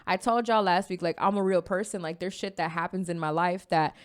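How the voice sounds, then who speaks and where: A woman co-hosting a podcast in casual chat, telling a personal story with lively energy and acting out her own quoted words. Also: fairly low pitch, a little fast. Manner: animated storytelling, acts out her own quoted words, frequent "you know what I mean". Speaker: podcast co-host.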